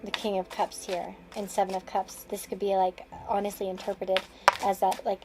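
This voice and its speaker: A woman's voice: mid-range voice, level tone, moderate pace, noisy background. A woman giving a casual tarot reading, rambling and restarting her sentences with frequent chuckles. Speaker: tarot card reader.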